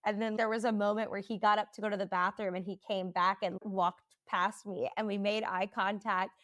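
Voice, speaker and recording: A woman hosting a podcast, telling personal stories in an animated, chatty way and laughing easily. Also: medium pitch, normal speed, dry recording. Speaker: podcast host. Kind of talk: casual podcast conversation.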